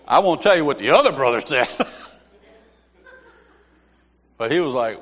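A middle-aged man sharing a personal faith testimony as an animated storyteller who laughs and repeats himself. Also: medium pitch, fast. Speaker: church member sharing a testimony. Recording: long hall reverb.

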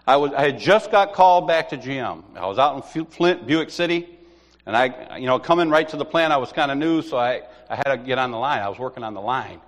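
A middle-aged man sharing a personal faith testimony as an animated storyteller who laughs and repeats himself. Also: medium pitch, brisk. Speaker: church member sharing a testimony. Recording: long hall reverb.

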